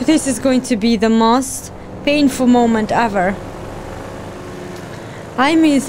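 A woman reacting to a game on her own channel, sounding teary and half laughing as she comments in a high voice. She talks slowly and drawn out, with clear background noise behind her. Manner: sing-song, teary, laughing. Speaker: gaming channel host.

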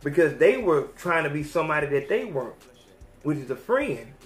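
A male podcast host on an animated, slangy rant full of swearing. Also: fairly high pitch, fairly quick. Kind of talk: profane rant. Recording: roomy echo.

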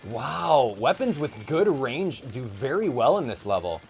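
A man's voice: mid-range voice, unhurried, gravelly, faint music behind. Chatty young man narrating gameplay. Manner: chatty, excitable, thinks aloud with fillers. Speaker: gaming YouTuber. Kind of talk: gameplay commentary.

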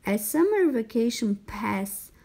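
A woman reading a children's picture book aloud in a measured storytelling way. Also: on the high side, big pitch swings, vocal fry, dark tone, breathy edge. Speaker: narrator.

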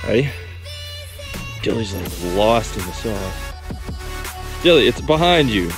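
A man vlogging in a casual, excitable way, chatting to his viewers and to his dogs, with the odd curse thrown in. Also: lowish voice, slow pace, pauses often, over music. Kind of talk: casual vlog talk to camera.

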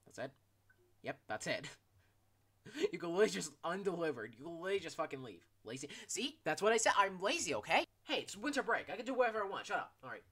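A young man giving gameplay commentary. He talks in an animated, joking and profane way, with sudden shouts. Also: high-pitched, fast, husky. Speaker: gaming YouTuber.

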